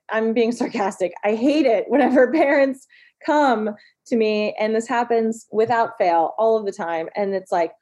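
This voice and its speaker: Animated sarcastic woman therapist. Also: a little high, moderate pace. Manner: animated, sarcastic, acts out quoted parents. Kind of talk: casual podcast discussion.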